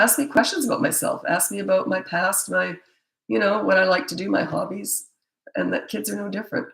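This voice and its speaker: Blunt woman with a gravelly voice. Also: on the low side, a bit bright. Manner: blunt, emphatic, opinionated. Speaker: parenting coach. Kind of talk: answering viewer questions. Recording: echoey room.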